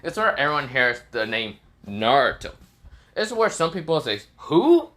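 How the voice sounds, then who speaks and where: A man narrating an improvised fan-fiction tale on the fly. He rambles with fillers and slips, his bright voice swinging widely in pitch. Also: very animated, moderate pace. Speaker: storyteller.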